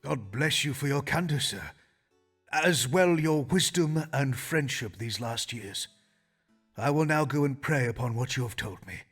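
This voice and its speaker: An actor playing a gravely ill, pious Elizabethan gentleman with a raspy voice who speaks in earnest, prayerful, archaic phrases. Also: medium pitch, lively intonation, measured pace, soft background music. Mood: resigned.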